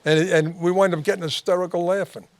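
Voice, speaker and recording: A New host tells long, looping stories and laughs along as he goes. His voice sits a touch high for a man, and he keeps circling back and restarting his sentences. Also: steady tone, fast talker. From New York. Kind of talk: talk-show anecdote storytelling.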